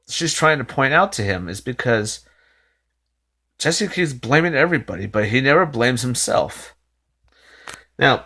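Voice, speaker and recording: A man talking casually to his viewers as he recaps a family feud from a video. He rambles, restarts his sentences and sighs, sounding exasperated, in a mid-pitched voice. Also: a bit bright. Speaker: reaction video host.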